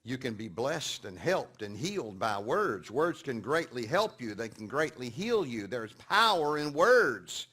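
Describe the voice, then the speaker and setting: A man giving a sermon-style teaching to an audience, telling stories and moving between quiet, hushed passages and loud, emphatic points. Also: mid-range voice, big pitch swings, measured pace, few pauses, slightly rough. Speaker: speaker teaching a session.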